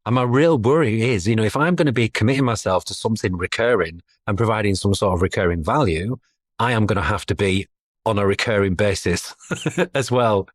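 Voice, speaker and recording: A middle-aged man appears as a guest on a casual podcast interview, chatty and self-deprecating, laughing between thoughts. His fairly low voice moves briskly, with no room sound.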